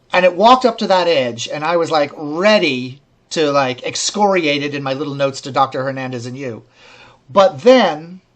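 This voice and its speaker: A man co-hosting a casual review chat, speaking in an articulate, wry, measured way. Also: fairly high pitch. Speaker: co-host reviewing a series.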